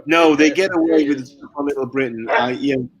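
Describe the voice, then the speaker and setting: A man chatting on a livestream, rattling off opinions with quick asides. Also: medium pitch, muffled recording. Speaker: livestream guest. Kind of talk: casual livestream chat.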